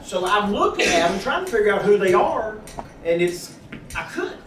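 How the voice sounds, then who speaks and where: A man tells his church testimony in a folksy, animated way, acting out each voice in his story. His recording sounds roomy and echoing, picked up from a distance. Lots of people murmur in the background. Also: sits high, normal speed, a crowd in the background. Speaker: church member giving a testimony. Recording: echoey room, distant mic, audience noise.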